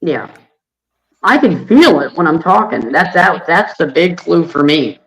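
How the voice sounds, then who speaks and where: A man hosting a casual livestream, hoarse from allergies, friendly and greeting viewers by name. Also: fairly high pitch, animated, a little slow, fairly bright tone, low-quality recording. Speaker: livestream host.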